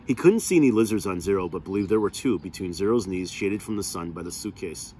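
A man reading a novel aloud in a steady, plain narrating voice. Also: sits low, fast, a little hiss or hum. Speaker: reader.

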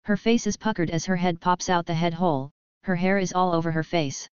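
A woman reads first-person fan fiction in a steady, unhurried way. Her voice is very smooth and fairly low. The recording is dry and has a slightly dull, lo-fi sound. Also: dry recording. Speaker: audiobook narrator.

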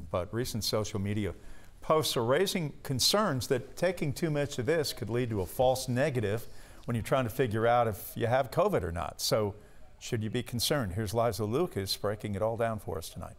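A man news anchor opens the segment in a playful, chatty way before handing off to a reporter. His voice sits at an average pitch for a man. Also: expressive, normal speed. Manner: playful, conversational lead-in. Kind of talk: anchor introduction.

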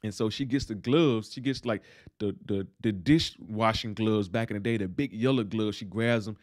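A man's voice: lowish voice, moderate pace, no echo, clean studio sound. Slangy man recapping a TV episode. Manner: animated retelling with slangy asides and acted-out dialogue. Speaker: TV recap host.

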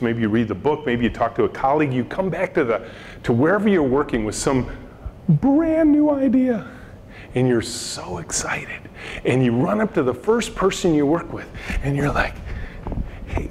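A middle-aged man, a company boss, tells anecdotes to a student audience and slips into quick little voices for the people in them. His voice sits in a middle register. The recording is made in a hall with a long reverb and a faint hum underneath. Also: mid-range voice. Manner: animated storyteller acting out dialogue voices. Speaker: company CEO giving a talk to students. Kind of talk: storytelling keynote talk.

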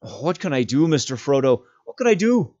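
A man doing a loyal, excitable hobbit servant. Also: mid-range voice, normal speed, close to an everyday voice. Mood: excited. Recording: dull lo-fi sound.

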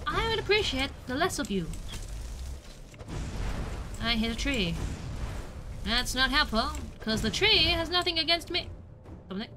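A woman's voice: sits high, very animated, measured pace, pauses often, background noise. A young woman from the UK chatting through a game as a streamer, joking at herself and squealing when she gets hit. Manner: chatty and self-mocking, with squeals when attacked. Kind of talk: casual gameplay commentary.

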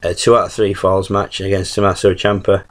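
Casual UK male vlogger, deep and monotone, hesitant and rambling delivery. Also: fairly quick, low-quality recording. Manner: rambling with frequent ums and restarts. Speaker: YouTube reviewer. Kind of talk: casual spoken review.

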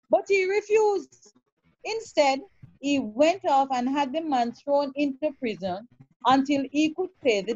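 A woman preacher teaches a sermon and reads scripture aloud, speaking haltingly, repeating words, and checking in with listeners by asking "all right?" Her voice sits high with a darkish tone, and the recording is dull, dry, and lo-fi.

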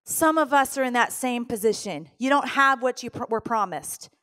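A middle-aged woman pastor delivers an emotional sermon in a somewhat high voice. She tells a personal story and acts out her pleading prayers, her voice rising when she quotes herself. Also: expressive, moderate pace, a bit bright.

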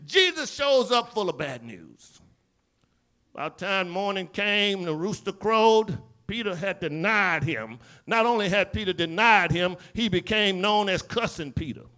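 High-voiced preaching man, Southern accent. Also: animated, unhurried. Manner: preaching with dramatic swings between loud cries and low murmurs; acts out biblical dialogue. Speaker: pastor. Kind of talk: sermon. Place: church sanctuary.

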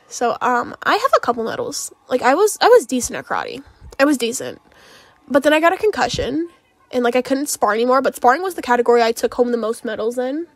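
A woman's voice: high voice, lively intonation, fast talker, no room sound. A young woman rambling casually as she talks over a game build video, with lots of fillers and small laughs. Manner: rambling, filler-heavy, giggly. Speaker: game streamer.

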